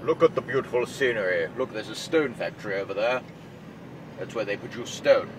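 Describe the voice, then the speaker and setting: Wry trucker over engine noise. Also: male voice, fairly quick. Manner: chatty, wry and self-mocking, mild swearing. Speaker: truck driver vlogger. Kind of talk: casual running commentary while driving. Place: inside a truck cab. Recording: loud engine and road noise. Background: truck engine and road rumble.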